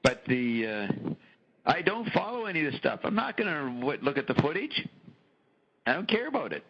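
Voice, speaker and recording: Gravelly, lively middle-aged man telling stories. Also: a little high, moderate pace, background noise. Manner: animated storyteller, frequent profanity. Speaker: podcast host. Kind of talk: casual conversation.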